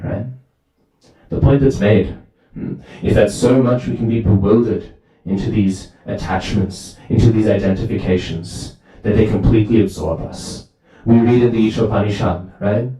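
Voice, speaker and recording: Male temple speaker, lively storyteller, low and mellow, recorded from a distance in a reverberant hall. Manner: lively storytelling, asks "right?" often. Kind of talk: sermon with storytelling. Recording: very echoey hall, far from mic.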